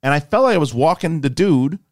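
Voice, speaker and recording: A man hosting a podcast, telling a story in a casual, animated, emphatic way and swearing freely. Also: on the high side, brisk, dry recording, studio quality. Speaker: podcast host.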